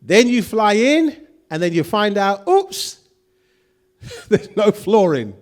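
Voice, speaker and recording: Lively, animated male preacher. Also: high voice, takes it slowly. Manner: animated preaching, acts out quoted voices, asks the congregation questions. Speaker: pastor. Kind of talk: sermon.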